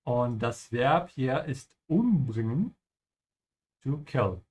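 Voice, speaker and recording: Patient German teacher with a lively voice. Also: male voice, mid-range voice, takes it slowly, husky. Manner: explains patiently, ending points with "yeah?". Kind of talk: language lesson over gameplay.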